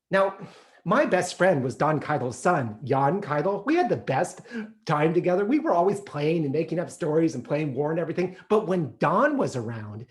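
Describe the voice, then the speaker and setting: Guy doing a one-man show about his childhood, super expressive voice, goes way up and down. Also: on the high side. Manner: animated, comic storytelling with big swings. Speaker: solo performer. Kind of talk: autobiographical solo theatre monologue.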